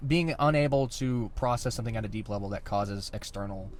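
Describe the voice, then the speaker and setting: A man's voice: on the low side, brisk, a little hiss or hum. Thoughtful man musing in casual chat. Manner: thoughtful, questioning, reflective. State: throat irritated, coughing. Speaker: podcast co-host.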